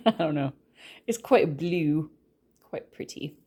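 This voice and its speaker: A woman's voice: sits low, animated, slow pace, long pauses, dark tone, a little hiss or hum. A woman giving a casual tarot reading, chatty and rambling, with a light Southern drawl that slips in. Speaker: tarot reader.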